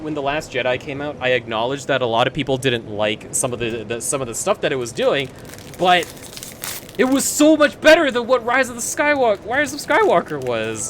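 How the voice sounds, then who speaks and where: A young adult streamer ranting casually while playing a video game, swearing freely and breaking into loud bursts of laughter. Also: medium pitch, a little hiss or hum. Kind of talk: casual rant while gaming.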